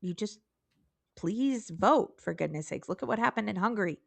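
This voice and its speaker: A woman's voice: medium pitch, racing, creaky, a bit bright, no room sound. A woman co-hosting a podcast, talking earnestly and emphatically in casual political discussion. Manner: earnest, emphatic, pleading at times. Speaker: podcast co-host.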